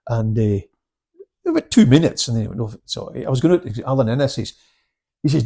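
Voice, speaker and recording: Gravelly older man telling stories. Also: medium pitch, sing-song, fairly quick. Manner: anecdotal, acts out both sides of dialogue with sudden loud bursts. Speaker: karate instructor, guest. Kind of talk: casual storytelling chat.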